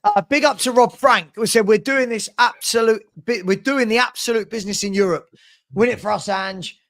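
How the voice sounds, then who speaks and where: High-voiced man hosting a live stream. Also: moderate pace, fairly bright tone. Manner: chatty, reads out viewer messages. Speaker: livestream host. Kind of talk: casual live watchalong chat.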